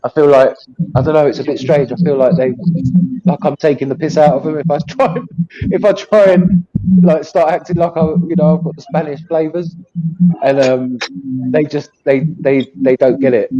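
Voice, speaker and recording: A man's voice: on the high side, normal speed, mellow, highs cut off. A man with an English accent, chatting casually about boxing as a co-host, rambling and friendly. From England. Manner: chatty, rambling, says mate.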